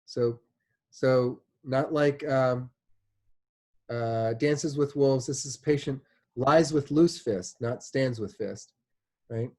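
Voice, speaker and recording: A man's voice: mid-range voice, slow pace, mellow. A man giving a classroom lecture in a casual, chatty way, often checking in with "right?" and using many fillers like "like" and "you know". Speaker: instructor.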